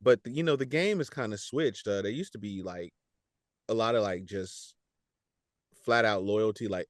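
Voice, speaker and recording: A man who works as a voice actor, talking casually in a podcast interview, animated and slangy, laughing often and repeating words as he goes. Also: fairly low pitch, normal speed, no room sound, studio quality. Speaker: voice actor guest.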